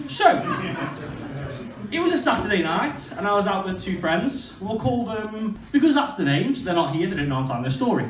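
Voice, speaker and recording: On stage, a man in his 20s from Stoke-on-Trent, England, performs a crude, self-mocking stand-up set in a high voice. The recording sounds distant and echoey, as if captured from far off in the venue, with a slight hiss or hum.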